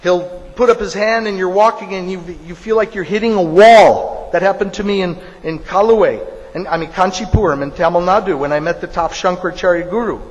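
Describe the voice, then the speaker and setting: A man preaches in a fairly high, emphatic voice, telling stories and hammering points home by repeating phrases. A long hall reverb follows his words. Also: a little fast, highs cut off. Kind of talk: sermon.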